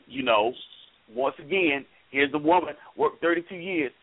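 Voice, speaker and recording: A man's voice: a little high, moderate pace, breathy edge. Man telling a story over a tinny line. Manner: animated storyteller, quoting others. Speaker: co-host. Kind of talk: casual radio talk, storytelling. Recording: tinny phone-like radio line.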